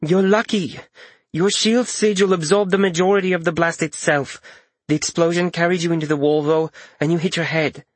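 A man's voice: on the high side, fairly even intonation, moderate pace, dry recording, voice pushed up, close to an everyday voice. A man voicing a curt, clinical woman healer giving firm instructions in an audiobook. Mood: stern.

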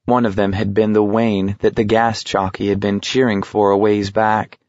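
Low-voiced male audiobook narrator. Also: level tone, normal speed, darkish tone, dry recording. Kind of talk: scripted narration. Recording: dull, slightly muffled.

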